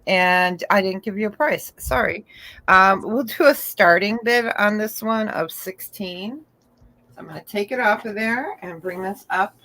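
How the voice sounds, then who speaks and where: A woman's voice: mid-range voice, a little slow, bright, forceful tone, low-quality recording. A middle-aged woman co-hosting a live-stream jewelry auction, chatting and describing pieces, laughing often.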